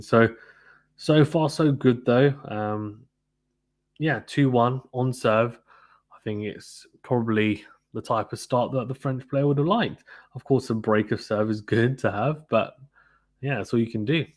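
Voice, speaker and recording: A man's voice: medium pitch, measured pace. A man doing live play-by-play tennis commentary on a stream, chatty and informal, stopping to read viewers' comments. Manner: chatty, reads viewer comments, fillers like "to be honest with you".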